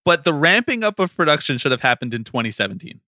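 A man co-hosting a casual sports chat, ranting in an animated way, swearing and laughing often. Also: a little high, quick pace, dry recording, studio quality. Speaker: podcast co-host.

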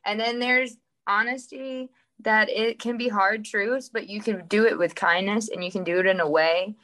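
A woman's voice: medium pitch, fairly even intonation, moderate pace, sharp tone. A woman guest on a podcast, talking casually in a direct, candid and playful way.

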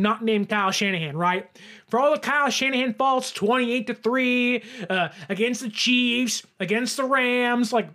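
High-voiced excited man ranting sports. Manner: animated, fan ranting with rising shouts. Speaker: sports podcast host. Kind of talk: excited sports reaction monologue.

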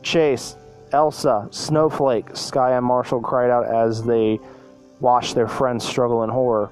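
A man reads a homemade story aloud at a plain, middling pitch. He trips over words and corrects himself mid-sentence. Faint background music runs underneath. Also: flat delivery, a little slow, low-quality recording. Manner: stumbling, self-correcting reading. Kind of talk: reading a fan story aloud.

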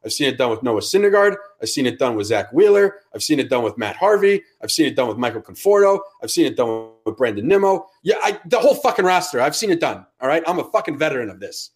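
A man's voice: mid-range voice, sing-song, fast talker, few pauses. Heated new york-accent guy ranting on a sports podcast, swears a lot. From Connecticut. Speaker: podcast co-host. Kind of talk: casual chat.

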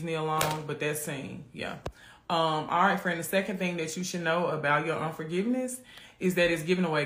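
A man hosts a live faith podcast in a loose, chatty way, often calling the audience "friend". His voice sits on the high side. The sound carries a noticeable room echo. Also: fairly bright tone. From Memphis, USA. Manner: casual, keeps calling listeners "friend". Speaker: podcast host.

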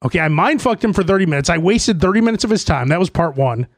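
A man's voice: high voice, expressive, fast talker, no echo, studio quality. A man hosting his own podcast, telling stories in a profane, playfully indignant way. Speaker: podcast host. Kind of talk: solo comedic storytelling podcast.

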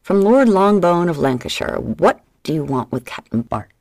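A woman voicing a gruff, suspicious male tavern keeper who talks bluntly. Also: lowish voice, sing-song, moderate pace, a little mellow, no echo, clean studio sound. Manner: blunt, challenging.

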